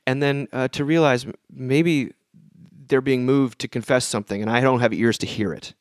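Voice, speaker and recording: A man's voice: medium pitch, steady tone, normal speed, dry recording, clean studio sound. A man co-hosting a podcast, telling long stories in casual chat with many restarts. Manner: rambling storyteller, many restarts. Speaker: podcast co-host.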